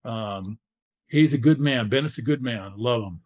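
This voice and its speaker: A man's voice: mid-range voice, moderate pace, a little mellow. An older man from California, a former football player, telling his story as a podcast guest and acting out the dialogue he quotes.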